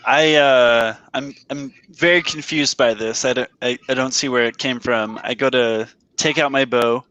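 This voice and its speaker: A man's voice: mid-range voice, fairly even intonation, moderate pace, pushed and bright, no room sound. A man playing a tabletop game, speaking hesitantly and stumbling over his words. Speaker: player. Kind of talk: casual tabletop game play. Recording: dull lo-fi audio.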